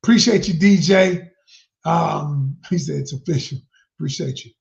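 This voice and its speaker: A man working as a relationship coach, talking emphatically to viewers and calling them y'all, swinging from loud to whispered like a preacher. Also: a little high, normal speed, gravelly. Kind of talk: live-stream promotional talk. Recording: dull lo-fi sound.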